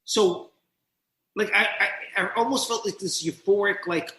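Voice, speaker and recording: Animated storytelling man in an echoey room. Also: high-pitched. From New Jersey. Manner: animated, quick, acts out scenes as he tells them. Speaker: podcast guest, speaker and coach. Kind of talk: candid storytelling in conversation.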